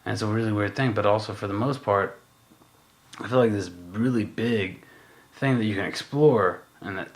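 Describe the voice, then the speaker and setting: A man's voice: on the low side, moderate pace. A man co-hosting a podcast in casual chat, musing and rambling with lots of fillers and swearing. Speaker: podcast co-host.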